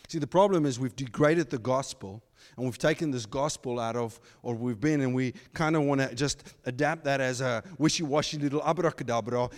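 A man preaching a sermon as pastor, animated, slipping into mocking asides in put-on voices. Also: mid-range voice, long reverb tail. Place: church.

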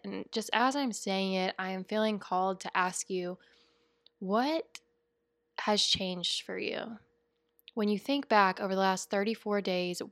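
A woman's voice: medium pitch, dry recording. A woman hosting a spiritual coaching podcast, talking in an earnest, chatty and rambling way with frequent asides. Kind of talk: casual spiritual podcast monologue.

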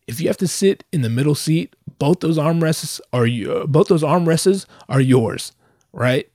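Profane, animated stand-up storyteller man. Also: on the high side, dry recording, studio quality. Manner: profane, animated, acts out quotes in raised voice. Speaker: comedian.

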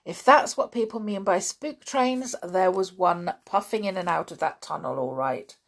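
A woman reading aloud, voicing a sensible older schoolboy who talks in a steady, reassuring way. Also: lowish voice, moderate pace, gravelly.

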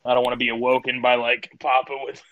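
A man's voice: medium pitch, completely flat delivery, fast, narrow, tinny audio. Joking young man on a podcast. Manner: joking, crude, rambling. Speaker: podcast co-host. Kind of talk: casual chat.

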